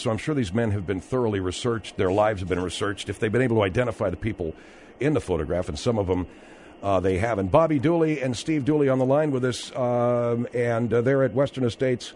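A man's voice: mid-range voice, darkish tone. A man hosting a call-in radio talk show, questioning his guests pointedly and with disbelief.

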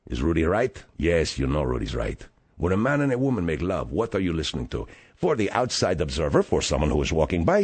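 A very deep, husky-voiced man with a Spanish accent, hosting a radio call-in show. He stammers and fills gaps with "uh" as he wanders off on tangents, yet his pitch swings widely. The sound is close and dry. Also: sing-song, a little mellow, no echo. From abroad, moved to America. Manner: halting, stammering, full of fillers and drifting tangents. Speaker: radio talk show host. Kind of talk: rambling comic radio talk.

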